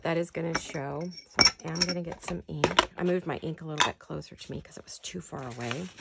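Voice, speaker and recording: A woman's voice: deep voice, gravelly, heavy background noise. A woman hosting a paper craft video, chatting casually to viewers and talking herself through each step in her early morning voice. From United States. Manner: chatty, self-talking while working, light laughs. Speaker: paper craft channel host. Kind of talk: casual crafting chat to camera.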